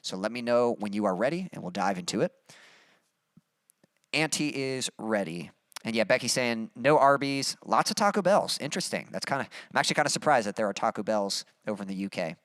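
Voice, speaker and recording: A man's voice: fairly low pitch, lively intonation, a little fast, a bit bright, no echo, studio quality. A young adult man hosting a casual livestream, upbeat and chatty as he reads out viewer comments. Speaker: livestream host and musician.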